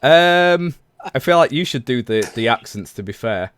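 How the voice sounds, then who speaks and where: A man's voice: mid-range voice, animated, normal speed, fairly bright tone, clear, resonant tone. A man in his thirties hosting a casual livestreamed podcast, talking in a rambling, chatty way full of self-corrections. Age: 30s. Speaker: podcast host.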